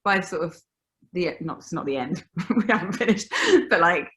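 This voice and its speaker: A woman's voice: on the low side, lively intonation, normal speed, fairly bright tone. A woman in her thirties from England, a baker chatting on a video call, laughing often and restarting her sentences. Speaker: baker, guest. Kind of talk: casual video-call chat.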